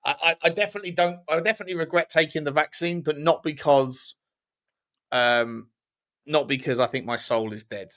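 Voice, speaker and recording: A man's voice: a little high, fairly quick, fairly bright tone. A man co-hosting a casual podcast chat, skeptical and telling stories with a laugh. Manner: skeptical, storytelling, laughs often. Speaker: podcast co-host.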